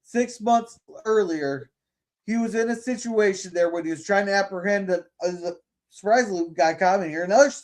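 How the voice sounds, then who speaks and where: A podcast host with a high-pitched male voice talks at a normal speed in a casual, opinionated chat. He's blunt, swears a lot, and keeps stumbling and restarting his sentences.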